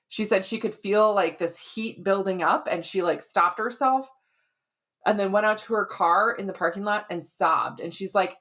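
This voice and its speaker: A woman podcast host in a casual, explanatory flow, talking at a middling pitch. She keeps checking in with the listener and stays loose and conversational as she walks through how things work. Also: normal speed, a bit bright. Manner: chatty and explanatory, often adds "right?" and "like". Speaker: podcast host, women's hormone health expert.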